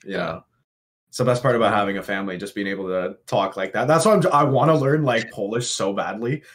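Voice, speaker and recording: A man's voice: fairly low pitch, quick pace. A young Canadian man co-hosting a podcast, chatting casually with lots of fillers and laughs. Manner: rambling, filler-heavy, laughing. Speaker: podcast co-host. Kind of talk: casual chat.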